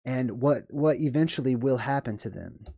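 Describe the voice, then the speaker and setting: Male commentator, mellow tone, dry room, casual and rambling, keeps asking "right?". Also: mid-range voice, normal speed, vocal fry, breathy edge, no echo. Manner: rambling, frequent "right?" and "okay?" check-ins. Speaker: video commentator.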